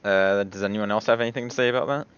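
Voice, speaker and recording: Low-voiced man running a dice game. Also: fairly even intonation, clean tone. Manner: laughs often, halting with restarts. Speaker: game master. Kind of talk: narrating a tabletop game with friends. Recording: dull lo-fi recording.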